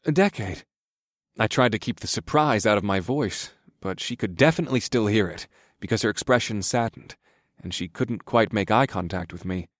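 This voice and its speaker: A man narrating a first-person romance audiobook in a steady, low-key way. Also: brisk, dry recording, clean studio sound.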